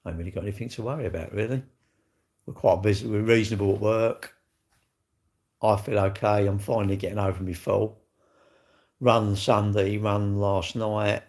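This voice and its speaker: A middle-aged man hosting a livestream reads viewer comments and talks straight to his chat in cheeky, blunt, easygoing banter, teasing viewers and swearing without a second thought. His voice is lowish and darkish with a steady tone, at normal speed, and he pauses often.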